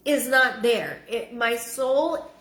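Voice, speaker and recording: A woman giving a live-streamed psychic reading, halting and repeating her words with frequent ums. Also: a little high, expressive, a bit bright. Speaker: psychic medium. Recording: roomy echo.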